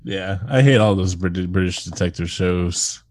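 A man's voice: low voice, unhurried, darkish tone, dry recording. A man co-hosting a podcast in casual chat, sarcastic and profane, laughing often. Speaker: podcast co-host.

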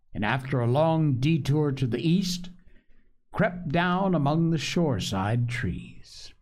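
A man reading a storybook aloud in an expressive, measured way. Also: medium pitch. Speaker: audiobook reader. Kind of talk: storybook narration.

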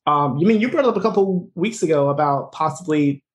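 Fast-talking man recapping a show. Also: on the high side, lively intonation. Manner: rapid, filler-heavy retelling, acting out quoted lines. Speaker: podcast co-host. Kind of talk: casual recap chat.

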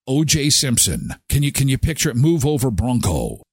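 A man hosting a live daily show, chatting casually in an animated, joking way. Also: moderate pace, hardly any pauses, breathy edge, dry recording, studio quality. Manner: animated, joking, swings in pitch.

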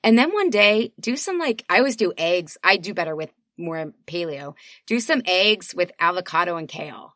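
A woman guest on a podcast, talking casually and animatedly, laughing often and jumping up in pitch. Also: expressive, moderate pace, a bit bright, dry recording, studio quality. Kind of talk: casual chat.

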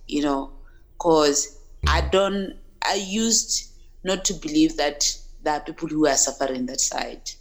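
A woman's voice: deep voice, unhurried. A woman from Africa, a guest on a podcast, talking earnestly in a casual interview and often repeating words as she searches for them.

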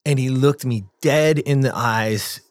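A man's voice: mid-range voice, a little slow, no echo. A man guest on a podcast, telling a personal story in a casual, earnest way with frequent restarts.

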